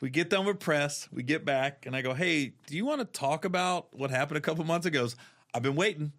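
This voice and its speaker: A man's voice: fairly high pitch, quick pace, a bit bright. A man, a comedian, telling a story in a casual chat and acting out the voices of the people in it.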